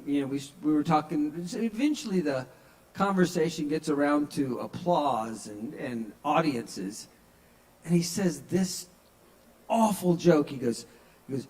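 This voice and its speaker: A man with a slightly high voice works through a stand-up set at a small-bar open mic. He tells loose, conversational stories and slips into the voices of the people he quotes. He is younger than forty-five. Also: expressive, measured pace, poor audio. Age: under 45.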